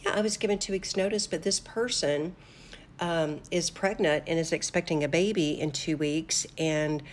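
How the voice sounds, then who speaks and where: A woman's voice: deep voice, steady tone, normal speed, slight background noise. An older woman hosting a devotional talk show, speaking earnestly and conversationally with fillers and restarts. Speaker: host of a faith talk show.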